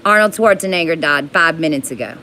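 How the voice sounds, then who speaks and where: A woman in an angry, profane monologue to her viewers, rising into yelling. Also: sits low, animated, fairly quick, slight background noise.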